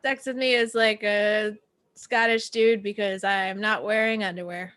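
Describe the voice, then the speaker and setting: Bright giggly improv woman. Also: medium pitch, steady tone, measured pace, clear, resonant tone. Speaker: improv performer. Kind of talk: improv comedy one-liners. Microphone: video call.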